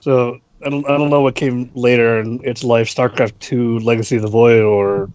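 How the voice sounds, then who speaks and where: A man co-hosting a gaming podcast, chatting excitably and swearing casually. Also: mid-range voice, normal speed, no echo. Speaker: podcast co-host. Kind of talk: casual chat. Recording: dull dry lo-fi mic.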